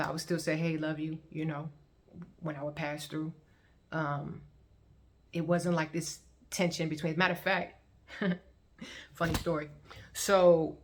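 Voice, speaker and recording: A woman casually telling her own story to viewers in a chatty, colloquial way, often breaking into laughter. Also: deep voice. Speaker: vlogger sharing her testimony.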